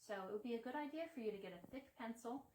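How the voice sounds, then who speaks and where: A woman teaches a kindergarten lesson in a bright, sing-song voice made for small children. Her voice bounces around a bare classroom. The mic sits some distance away, so she sounds a little distant and hollow. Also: on the high side, very fast, slight background noise. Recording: echoey room, mic set back.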